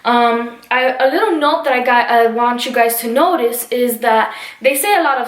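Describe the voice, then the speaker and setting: A woman's voice: on the high side, normal speed. Woman teacher, casual, in an echoey room. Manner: casual, checks in with "okay" often. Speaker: English teacher. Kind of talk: reading and explaining a play to students.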